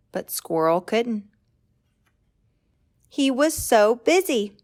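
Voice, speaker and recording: Woman slowly reading a children's story. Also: on the high side, lively intonation. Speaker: children's librarian.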